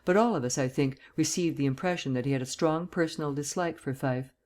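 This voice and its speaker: A man's voice: on the high side, a little fast, darkish tone. Man reading an old mystery novel aloud. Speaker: audiobook reader. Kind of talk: audiobook narration.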